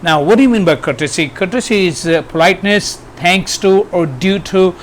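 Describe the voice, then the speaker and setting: A man's voice: high-pitched, moderate pace, slight background noise. A man teaching grammar, hesitant, with many fillers and restarts. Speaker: English teacher. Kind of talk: grammar lesson.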